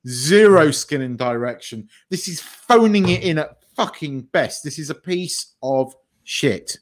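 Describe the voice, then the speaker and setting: Ranting podcast co-host. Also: male voice, on the high side, expressive, unhurried. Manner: blunt, ranting, sweary. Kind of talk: casual chat.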